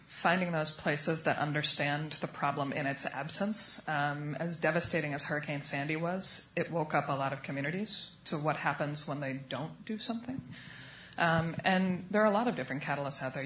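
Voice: medium pitch, brisk, fairly bright tone, a little hiss or hum. A panelist answering in a panel discussion, confident and emphatic. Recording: echoey room.

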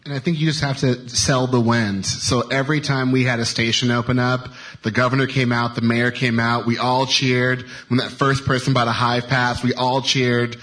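A man's voice: mid-range voice, level tone, a little fast, fairly bright tone, poor audio. Upbeat man talking on a panel. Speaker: transit panelist. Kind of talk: panel discussion answer.

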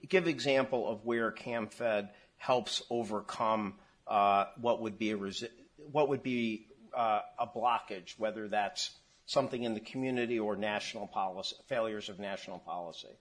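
A man moderating a conference panel, asking long, halting questions full of restarts. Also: mid-range voice. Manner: halting, many fillers and restarts.

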